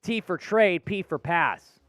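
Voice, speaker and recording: A man's voice: high-pitched, expressive, takes it slowly, a bit bright, faint music behind. A man hosting a live sports talk stream, answering viewers' chat comments by name in an upbeat, conversational way. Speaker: sports show host.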